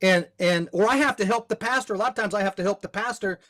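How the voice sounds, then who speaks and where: A man's voice: high voice, fast talker, a bit bright, no room sound. An older man, a guest on a faith podcast, telling a story and giving advice in an earnest way, often repeating words as he restarts.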